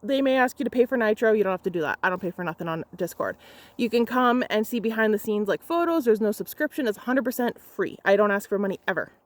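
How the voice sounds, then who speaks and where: A woman's voice: mid-range voice, animated, fast. A young adult woman photographer retelling a client story in an angry storytime vlog, heated, emphatic and profane.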